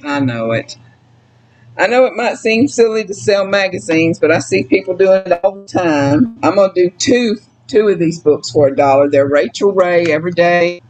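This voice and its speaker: A woman's voice: fairly low pitch, animated, normal speed, darkish tone, faint music behind, low-quality recording. Chatty Southern woman, emotional. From Mississippi. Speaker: co-host selling items. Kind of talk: casual live sale chat.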